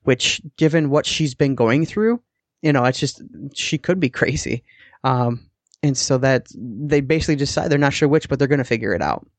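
A man's voice: mid-range voice, moderate pace, no room sound. A man co-hosting a podcast, casually recapping a TV episode in a rambling way with the odd swear word. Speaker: podcast co-host.

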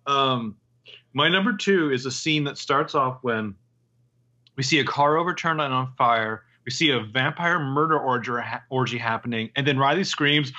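A man with a bright, forceful voice that comes through slightly dull and lo-fi. He co-hosts a casual movie chat, stopping and restarting as he talks. His pitch sits in the middle. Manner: halting, hesitant starts. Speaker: podcast co-host.

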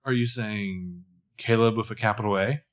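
A man co-hosting a podcast, casually recapping a TV episode, riffing with playful jokes and animated asides. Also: on the low side, normal speed. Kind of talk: casual chat.

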